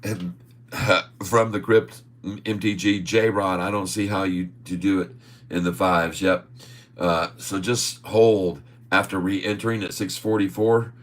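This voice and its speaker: A low-pitched man with a steady tone runs a laid-back livestream about stock trading. He reads out viewers' comments, laughs frequently, and stretches into long folksy tangents.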